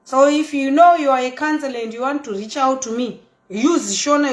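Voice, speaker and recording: A woman in her thirties with a Zimbabwean accent, telling her story in a chatty, animated way that mixes English and Shona. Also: high-pitched, normal speed, roomy sound. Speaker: socialite vlogger. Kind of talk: casual storytelling monologue.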